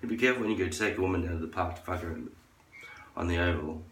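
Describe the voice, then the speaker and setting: Low-voiced man ranting in an echoey room. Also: fast talker, fairly bright tone, slight background noise. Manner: crude, profane ranting; acts out others in a high falsetto. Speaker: vlogger. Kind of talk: rambling monologue. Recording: echoey room, far from the mic.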